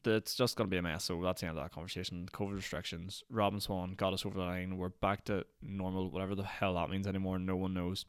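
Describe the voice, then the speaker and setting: On his solo podcast, a Northern Irish host rambles and rants fast with hardly any pauses, sprinkling in plenty of "like." His low, level voice comes across smooth, echo-free and studio quality.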